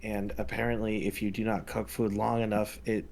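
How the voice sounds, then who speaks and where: A man voicing a huge, simple-minded young male hatchling who talks about himself in the third person, slow and halting. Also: lowish voice, flat delivery, gravelly, darkish tone, slight background noise. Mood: earnest. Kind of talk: tabletop role-play.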